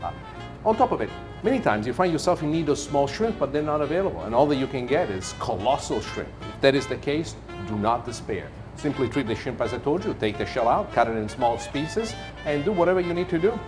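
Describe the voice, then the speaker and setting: A middle-aged man hosts a cooking show, coaching the viewer step by step. His delivery is theatrical and self-amused, with a lively, swinging pitch. Guitar music plays clearly under his voice. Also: fairly quick. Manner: warm, theatrical and self-amused, drawing out words. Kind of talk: cooking demonstration to camera.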